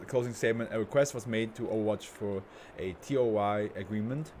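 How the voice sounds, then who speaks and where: A man's voice: on the low side, brisk, hardly any pauses, darkish tone, a little hiss or hum. Man casually reading aloud. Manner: reads with stumbles and restarts. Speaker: reader of horror fiction.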